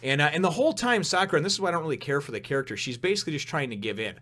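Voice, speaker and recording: A man's voice: fairly high pitch, animated, racing, pushed and bright. Rambling, chuckling man. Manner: rambling, chuckles often, many fillers. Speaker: comic book reviewer. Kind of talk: casual chat.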